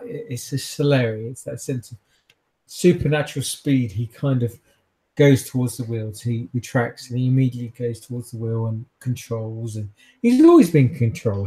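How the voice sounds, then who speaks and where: A man's voice: mid-range voice, warm tone. A man running a tabletop game as game master, describing scenes with frequent fillers. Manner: descriptive, laughs often, hesitant fillers.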